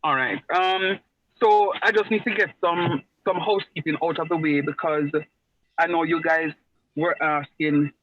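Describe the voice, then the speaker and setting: A man's voice: fairly high pitch, steady tone, normal speed, fairly bright tone. A man, teaching an online class in a chatty way and repeating phrases for emphasis. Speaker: lecturer. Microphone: video call. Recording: muffled video-call audio.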